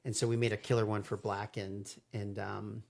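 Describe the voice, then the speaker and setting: A man with a fairly low, gravelly voice co-hosts a relaxed talk show. He rambles and hesitates, filling pauses with ums and uhs as he talks. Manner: rambling, hesitant with many fillers. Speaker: podcast co-host. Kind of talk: casual chat.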